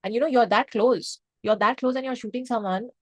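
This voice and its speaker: A young woman reviewing a film in casual, excitable speech, swearing freely and mixing in Hindi phrases. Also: on the high side, fairly quick, dry recording. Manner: emphatic, excitable, mixes Hindi phrases into English; swears freely, lots of fillers like 'um' and 'like'.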